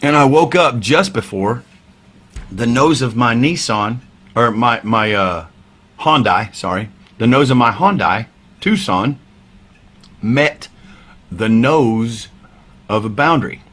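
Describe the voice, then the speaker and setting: Husky-voiced man telling a candid story. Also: mid-range voice, expressive, slow, long pauses. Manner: candid, wry, swears freely, drops to quiet asides. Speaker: podcast guest, veteran musician. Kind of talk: casual storytelling interview.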